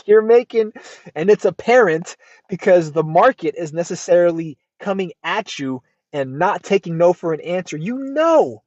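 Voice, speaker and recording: An American man hosting a casual advice podcast, reacting to a post in an emphatic, lively way and swearing freely. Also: high voice, no room sound. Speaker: podcast host. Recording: dull lo-fi dry sound.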